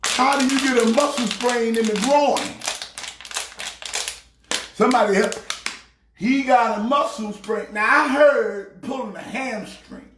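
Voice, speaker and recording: A man playing a loud, excitable pastor ranting about sports teams. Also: extremely high pitch, a little slow, long pauses, reverberant, noisy background. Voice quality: preachy, shouting rant. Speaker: comedic sports pastor character. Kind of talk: comedic sports rant.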